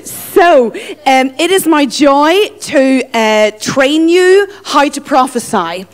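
Irish woman, guest teacher, light teasing delivery, slightly high voice. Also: expressive, slow. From Ireland. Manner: playful, jokey with the audience. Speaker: guest speaker. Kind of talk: teaching session.

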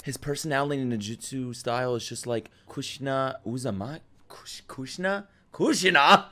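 A man's voice: mid-range voice, moderate pace, bright, forceful tone, soft background music. A man reacting live to an anime episode, emotional and profane, repeating himself and bursting into exclamations.

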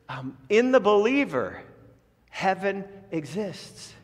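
A pastor delivers an emphatic sermon with a fairly high voice that climbs on each key phrase and falls low at the end of a thought. His words ring out with a long reverb from the sanctuary around him. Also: animated, unhurried. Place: church sanctuary.

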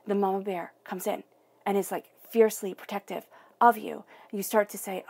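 A woman's voice: medium pitch, steady tone, normal speed, creaky, darkish tone, husky. A woman reading tarot cards, speaking in an earnest, encouraging way straight to the listener. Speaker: tarot reader. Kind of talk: tarot reading, spoken guidance.

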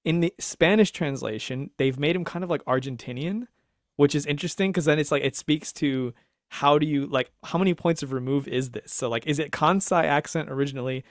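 A man co-hosting a casual podcast discussion, talking in an animated, rambling way with restarts and laughs. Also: on the high side, a little fast, no echo, clean studio sound. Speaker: podcast co-host.

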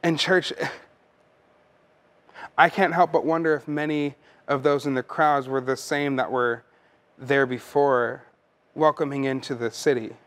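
A man's voice: medium pitch, fairly even intonation, a little slow, pauses often, a bit bright. A man preaching a sermon as pastor, earnest and conversational, often repeating words as he goes.

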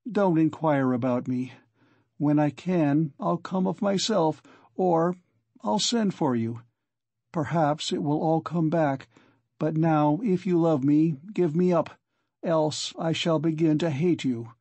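A feverish, withdrawn young man, voiced by a male reader, speaks in a strained, pleading way. The tone sits slightly high but stays mellow. The sound is close and dry, with no room around it. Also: slow, no echo. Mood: desperate.

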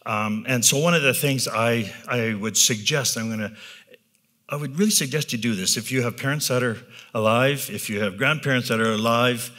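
A man's voice: mid-range voice, bright, forceful tone. Candid man speaking to a live audience. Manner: candid, self-deprecating, with frequent tag "right?"; rambling, with restarts and filler pauses. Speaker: business leader giving a talk. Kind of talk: personal talk to a live audience.

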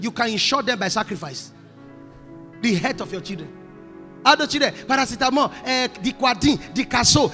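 A man with a Nigerian accent preaching in a large church, moving between Pidgin asides and shouted prophecy. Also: very high voice, big-room sound. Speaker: pastor. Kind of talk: sermon.

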